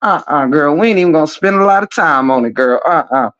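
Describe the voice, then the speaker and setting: A man's voice: fairly high pitch, expressive, fast talker, a bit bright, lo-fi sound. A man doing a comedic gossip rant in a sassy, flamboyant manner, calling everyone "girl" and "child", breaking into laughter. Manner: breaks into laughter and gasps for breath. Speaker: commentator.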